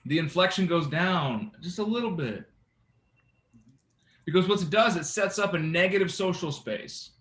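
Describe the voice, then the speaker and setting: A man coaching a sales team, his voice bright and a touch high. He talks in an animated way and keeps asking the room for agreement. The sound bounces around an echoey meeting room. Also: normal speed. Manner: animated, engaging, asks the room often. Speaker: real estate sales trainer. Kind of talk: sales training talk to a team.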